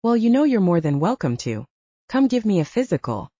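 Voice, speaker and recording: A woman's voice: medium pitch, big pitch swings, a little fast, dark tone, no echo. A woman voicing a cocky, rugged alpha male werewolf soldier with a teasing, drawling manner, in a dull lo-fi recording.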